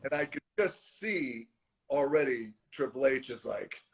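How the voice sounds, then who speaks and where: Gravelly, lively male storyteller. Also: mid-range voice, a little slow, low-quality recording. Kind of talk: anecdotal storytelling on a live stream. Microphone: phone or computer mic on a live video call.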